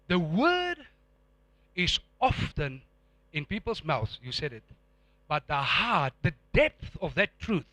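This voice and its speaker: A man's voice: sits high, bright, forceful tone, dry recording. A middle-aged man preaching a sermon to a congregation, emphatic and repetitive, with call-and-response prompts. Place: church before a live congregation.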